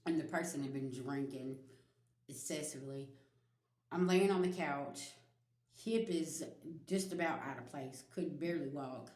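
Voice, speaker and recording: A woman with a fairly low voice gives a spiritual reading straight to her viewers. She is blunt and emphatic and swears freely. The echoey room gives her voice a hollow ring. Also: unhurried, a little mellow. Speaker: spiritual reader.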